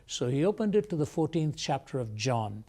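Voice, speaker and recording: A man as an interview guest, telling a personal testimony in a measured, reflective way. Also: mid-range voice, sing-song, warm tone. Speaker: guest speaker.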